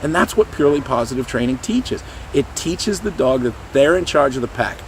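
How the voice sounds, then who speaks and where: A middle-aged man explains dog training to the camera in a loose, animated way. His pitch swings widely as he talks, and light traffic noise sits behind him outdoors. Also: brisk. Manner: animated, does high goofy voices for dogs and people. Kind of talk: casual explanatory talk to camera.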